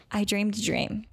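A young woman chatting casually as a podcast co-host, her voice gravelly with vocal fry. She jokes around and giggles, playing with words. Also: medium pitch. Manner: playful, giggly, jokey wordplay. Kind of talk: casual chat.

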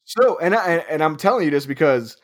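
A man's voice: a little high, lively intonation, fast. A man in his thirties telling a story in casual chat, swearing often and laughing as he talks. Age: 30s. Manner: profane, laughing anecdote telling.

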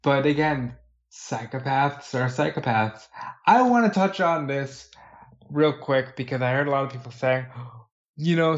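A man's voice: mid-range voice, normal speed. A man co-hosting a casual wrestling chat, retelling events with acted-out quotes. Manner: animated storyteller acting out quotes. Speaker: podcast co-host. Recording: dull lo-fi audio.

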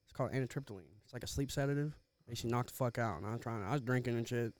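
A man's voice: medium pitch, rapid-fire, no echo. A young man telling a rambling, profane story in casual chat, slangy and loose. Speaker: podcast co-host.

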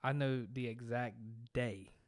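A man's voice: medium pitch, steady tone, slow, no room sound. A man with a Southern US accent, co-hosting a casual podcast in a laid-back, profane, drawling way. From Southern United States. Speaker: podcast co-host.

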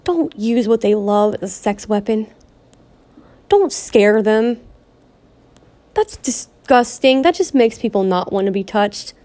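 A woman's voice: mid-range voice, expressive, mellow. Upset, pleading woman vlogger. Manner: pleading, repetitive and upset, with halting restarts. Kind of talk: emotional personal vlog rant.

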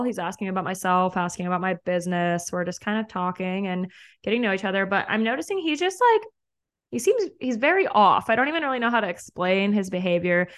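A woman's voice: mid-range voice, a bit bright. A young woman hosting a podcast, telling a dating story in a chatty way, laughing often and acting out what was said. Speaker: podcast host. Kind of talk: casual storytelling.

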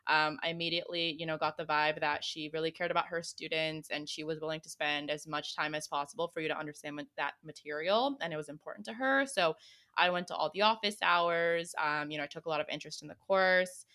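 A woman's voice: low-pitched, fairly even intonation, fast talker, sharp tone, clear, resonant tone. A young woman co-hosting a casual advice chat, talking in a chatty way with many fillers. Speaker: co-host.

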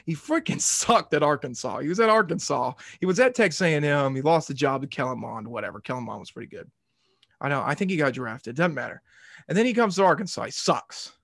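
A slightly high-voiced man hosts a casual sports podcast, drifting from point to point with jokes and heated rants. He swears freely. The recording is dry and close, with no room sound. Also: animated, fast, vocal fry, fairly bright tone, dry recording. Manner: rambling and jokey, swears and rants. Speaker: podcast host.

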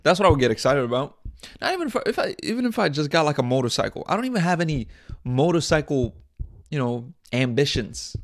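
Fast-talking and animated, his fairly high-pitched voice drives a casual solo podcast monologue full of crude jokes, rambling and mock-outraged bursts. The young host records on a small indoor set in studio quality with no room sound.

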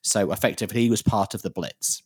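A man co-hosting a sports podcast, explaining at length in a measured, firmly contrarian way. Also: on the low side, fairly even intonation, darkish tone, breathy edge, dry recording, clean studio sound. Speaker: podcast co-host. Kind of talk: casual sports chat.

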